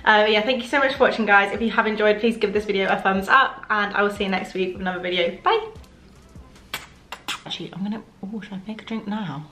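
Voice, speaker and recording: A young beauty vlogger chats casually and pokes fun at herself while getting ready on camera at a mirror in her home bedroom. Her mid-range voice is steady, quick, bright and forceful. The room is echoey, with slight background noise.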